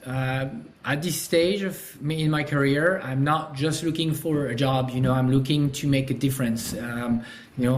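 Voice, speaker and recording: A middle-aged man with a French accent, talking earnestly as a podcast guest, with many fillers and restarts. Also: mid-range voice. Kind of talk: casual interview talk.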